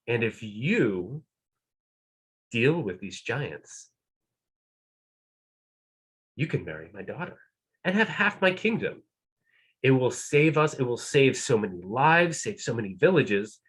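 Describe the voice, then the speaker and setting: Anxious storybook king voiced by a man, pleading, breathy. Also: mid-range voice, sing-song, slow pace, long pauses, a bit bright, full character voice.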